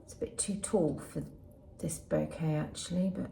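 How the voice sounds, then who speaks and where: A woman chatting softly through a gardening vlog, often dropping into a half-whisper. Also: low voice, normal speed, gravelly, a little hiss or hum. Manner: soft-spoken, often half-whispered asides. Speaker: vlogger. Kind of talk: casual gardening vlog narration. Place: garden outdoors.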